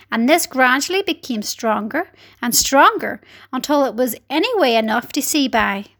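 A woman narrating a children's storybook aloud in an animated, dramatic way. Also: on the high side. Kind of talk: expressive storybook reading.

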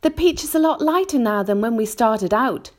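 Woman voicing a young boy, high and bright, calm leader, firm commands, storybook reading. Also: moderate pace. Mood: commanding.

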